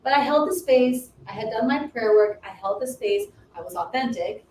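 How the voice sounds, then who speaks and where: A woman's voice: a little high, normal speed, a little mellow. A woman co-hosting a ministry livestream, earnestly telling a personal faith story with many restarts. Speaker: ministry co-host. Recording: roomy distant livestream audio, faint noise.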